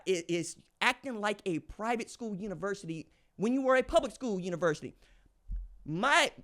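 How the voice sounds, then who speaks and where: A man with a high-pitched speaking voice delivers opinionated sports commentary as a podcast host. He talks in a slangy, emphatic way and hammers his points by repeating phrases. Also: fairly bright tone.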